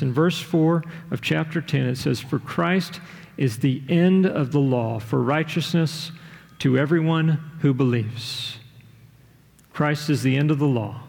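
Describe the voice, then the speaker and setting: A man's voice: a little high, vocal fry, darkish tone, long reverb tail. A man preaching a sermon as pastor, earnest, reading a story passage aloud with feeling.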